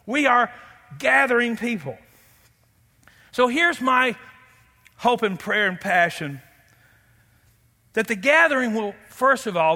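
A man preaching a sermon as pastor, animated and playful, quizzing the congregation. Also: very high-pitched, slow pace, long pauses. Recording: long hall reverb.

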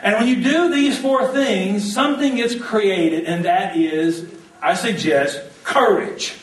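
A high-voiced male pastor delivers an animated, joking sermon and has the congregation repeat lines back to him. He is heard in a roomy, echoing church hall, a little distant from the mic. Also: slow.

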